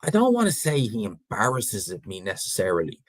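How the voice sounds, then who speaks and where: A man's voice: lowish voice, huge pitch swings, a little fast, no echo, low-quality recording. A man with a North Dublin Irish accent, hosting a boxing channel and chatting casually through viewer questions with frank opinions. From Ireland. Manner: frank and opinionated, rambling with restarts.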